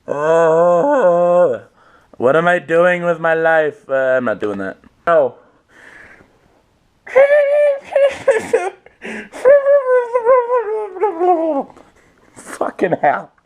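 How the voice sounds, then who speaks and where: A man's voice: a little high, animated, a little slow, smooth. A young man vlogging casually on his own at home, rambling and self-mocking, swearing freely. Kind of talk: casual solo vlog.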